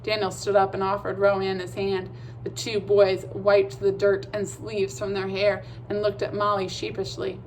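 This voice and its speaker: Woman, storybook narration, measured, mid-pitched, faint hum behind. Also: completely flat delivery, low-quality recording. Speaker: audiobook reader.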